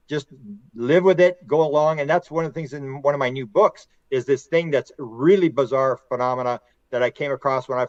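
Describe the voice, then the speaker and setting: A middle-aged man, a podcast guest and author, telling long stories in a rambling, animated way and acting out quotes. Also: medium pitch, no echo, highs cut off. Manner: animated, rambling storyteller who acts out quotes. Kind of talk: casual conversational storytelling.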